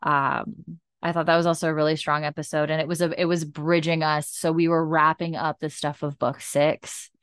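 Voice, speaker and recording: A woman's voice: deep voice, little pitch movement, moderate pace, fairly bright tone, clear, resonant tone, dry recording. A woman hosting a podcast, chatting casually and gushing about recent episodes, with lots of fillers. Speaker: podcast host. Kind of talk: casual chat recap.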